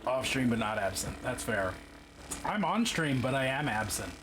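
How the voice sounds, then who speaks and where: A man's voice: mid-range voice, big pitch swings, moderate pace, background noise. A man casually chatting and swearing to himself while painting a miniature on a live stream. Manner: profane, joking, talks to himself while working.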